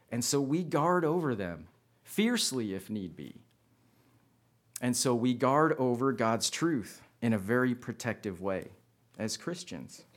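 Man, preacher, conversational sermon, storytelling, repeats himself, mid pitch.

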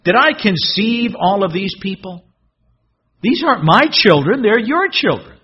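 A man reading out an overwhelmed, distraught old male prophet with a husky voice, pleading and rising to near-wails. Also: sits high, expressive, unhurried, voice pushed up, full character voice. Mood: anguished. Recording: dull lo-fi recording.

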